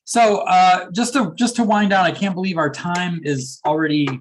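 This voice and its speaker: A man with a high-pitched voice at normal speed gives a motivational keynote, telling a story and animatedly acting out the dialogue. There's background noise in the recording.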